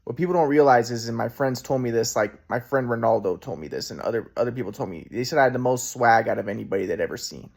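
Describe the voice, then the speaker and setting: A man's voice: medium pitch, fast, gravelly, hardly any pauses. A man in his twenties telling a rambling personal story to the camera, repeating himself and restarting sentences. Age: 20s. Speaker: vlogger.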